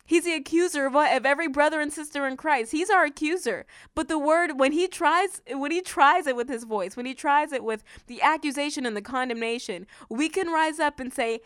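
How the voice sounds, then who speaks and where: A woman hosting a devotional podcast, reading scripture softly and then preaching with fervent, emphatic exclamations. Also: high voice, no echo, clean studio sound. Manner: reads scripture slowly and softly.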